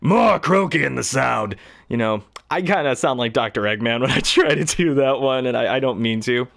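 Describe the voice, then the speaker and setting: A man's voice: medium pitch, animated, normal speed, vocal fry, a bit bright. A young man chatting casually about voice acting, rambling with lots of fillers and laughs. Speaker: hobby voice actor. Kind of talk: casual chat.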